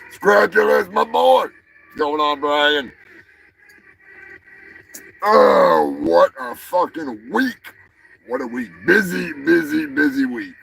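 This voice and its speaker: A man hosting a comedy news livestream, swearing and ranting with mock anger, swinging between shouts and mutters. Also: mid-range voice, creaky, a little hiss or hum, rough recording. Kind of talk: crude ranting livestream banter.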